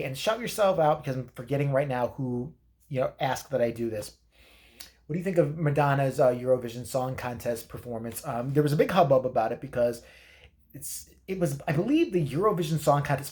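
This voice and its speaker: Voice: medium pitch, darkish tone, natural voice. Someone playing a foul-mouthed rambling granny. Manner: crude, rambling, profane. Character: crude, opinionated old grandmother. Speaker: comedy vlog character. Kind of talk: comedic rant.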